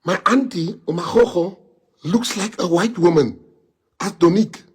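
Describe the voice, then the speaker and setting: A man's voice: sits high, normal speed, breathy edge. A man from South Africa, a native Afrikaans speaker, talking in an impassioned live stream monologue with many rhetorical questions. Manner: impassioned, rhetorical questions, swings from quiet to loud. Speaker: livestream speaker.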